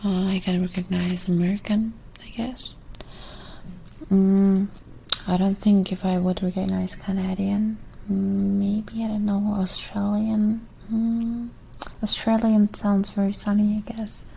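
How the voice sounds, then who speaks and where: A young woman with a German accent and Russian as her first language, soft and hesitant in a whispered ASMR Q&A. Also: mid-range voice, level tone, creaky, a little hiss or hum, low-quality recording. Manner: soft, hesitant, many pauses. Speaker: ASMR creator.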